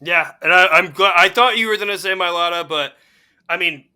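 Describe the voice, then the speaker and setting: A young man co-hosting a casual sports chat, excitable and fan-ish, quick to laugh. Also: high-pitched, clear, resonant tone. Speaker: podcast co-host.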